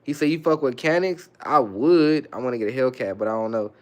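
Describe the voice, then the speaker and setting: A livestream host from the San Francisco Bay Area reads viewer comments aloud in a medium-pitched, slightly mellow voice at a brisk clip. He's laid-back and slangy, muttering little asides as he goes.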